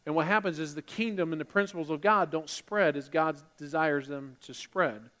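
A man's voice: fairly high pitch, normal speed, few pauses, sharp tone, long reverb tail. A man preaching a sermon as pastor, building emphasis and briefly mimicking churchgoers.

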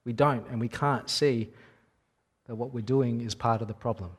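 A man's voice: mid-range voice, fairly even intonation, moderate pace, slightly rough. Conversational male preacher. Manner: conversational, wry, storytelling. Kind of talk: sermon.

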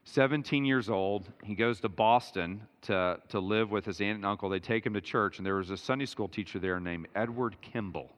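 A man preaching a sermon as pastor, emphatic and building to near-shouts as he drives his points home. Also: on the low side, long reverb tail.

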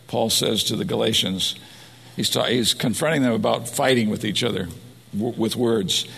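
Male pastor, gravelly and husky, earnest sermon delivery, long hall reverb. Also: fairly low pitch, normal speed, a bit bright. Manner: earnest preaching, rising to emphasis.

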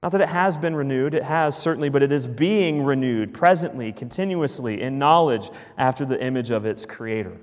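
Guy preaching a sermon, mid-pitched voice, repeats his points hard then goes quiet, big echoey church. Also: fairly quick, hardly any pauses. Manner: emphatic, repeats key phrases, drops to a hush at line ends. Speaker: pastor.

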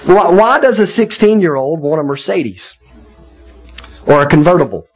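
A man's voice: fairly high pitch, animated, normal speed, low-quality recording. A man in his thirties, a pastor preaching a sermon in a conversational, folksy way, often checking in with his listeners.

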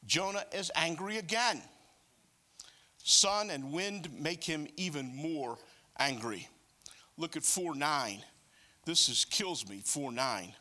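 Guy preaching a sermon, voice sits a bit high, keeps cracking little jokes. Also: slow, pauses often. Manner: animated, joking asides.

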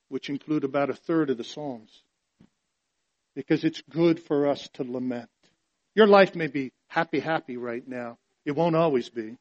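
A man preaching from the pulpit in a voice pitched somewhat high for a man. He drops to near-hushed tones and then builds to loud, emphatic passages. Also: highs cut off. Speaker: pastor. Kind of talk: sermon.

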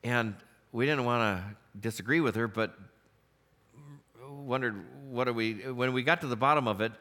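A man's voice: medium pitch, moderate pace, bright, forceful tone. A man, a pastor, preaching a sermon in a church and telling stories with humor, often laughing. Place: church sanctuary.

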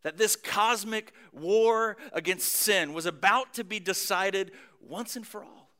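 A man preaching a sermon, moving between booming emphasis and hushed near-whispers, with casual conversational asides. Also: unhurried. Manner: conversational asides with light humor. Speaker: pastor.

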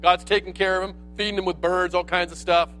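A man giving a sermon as relaxed, lively storytelling, full of slang and conversational asides. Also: sits high, fast, soft background music. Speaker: pastor.

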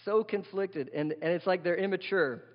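A pastor preaches a sermon with animation in a reverberant hall, asking the congregation questions. His voice is high and his pace normal, and the recording sounds dull and lo-fi with long hall reverb.

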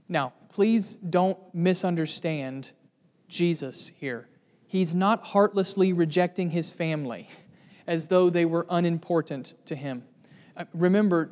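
Male pastor, high voice, earnest sermon delivery that builds to emphatic repetition, long reverb. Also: darkish tone.

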